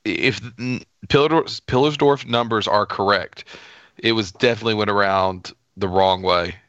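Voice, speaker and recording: A man co-hosting a podcast, speaking in a measured way and pausing with ums to find words. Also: lowish voice, a bit bright, no room sound, muffled recording. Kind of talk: casual chat.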